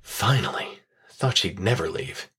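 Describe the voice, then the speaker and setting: A man's voice: low voice, animated, measured pace, very noisy. A man hosting a podcast, reading scripted narration with sardonic, profane commentary. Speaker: podcast host.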